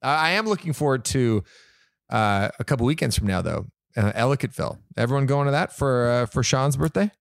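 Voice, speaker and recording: A man chatting as a guest on a podcast, stammering and quick to laugh. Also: mid-range voice, lively intonation, creaky, dry recording, clean studio sound. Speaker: guest performer. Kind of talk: casual chat.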